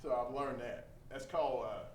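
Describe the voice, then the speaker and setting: A middle-aged man from Texas, a trainer giving a lively storytelling talk to a group. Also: mid-range voice, moderate pace. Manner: animated storyteller, acts out quoted voices. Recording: echoey room from a distance, faint hum.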